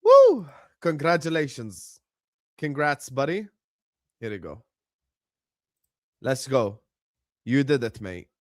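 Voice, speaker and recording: A man hosting a football watchalong livestream, excitedly chanting and urging viewers to subscribe. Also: medium pitch, takes it slowly, long pauses, no room sound, clean studio sound. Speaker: livestream host. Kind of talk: hyped watchalong livestream chat.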